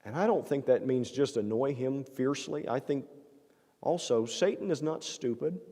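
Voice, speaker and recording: A warm, mid-range male voice at a moderate pace belongs to a pastor giving a sermon in a church sanctuary. He talks earnestly and conversationally, asking the congregation rhetorical questions, with a long church-hall reverb behind him.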